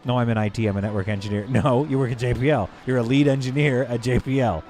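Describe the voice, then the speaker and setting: Casually chatting while he plays on stream, a man with a medium-pitched, steady, slightly mellow voice rambles and jokes with viewers. Now and then he takes halting stabs at French, correcting himself along the way.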